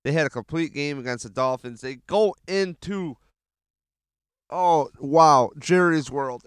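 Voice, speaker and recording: A man hosting a casual sports podcast, swearing often and rambling excitedly with restarts, speaking into a handheld mic. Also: on the high side, a little slow, clean tone, no echo, clean studio sound. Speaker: podcast host.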